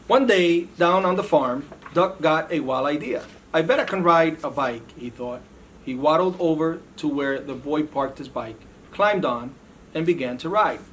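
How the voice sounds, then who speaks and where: A man reads a children's picture book aloud with a lively, bouncing storybook delivery. His voice sits a touch high. A faint hiss of noise runs under the recording. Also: normal speed. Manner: lively, varied storybook reading with animal voices. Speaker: police officer reading to children.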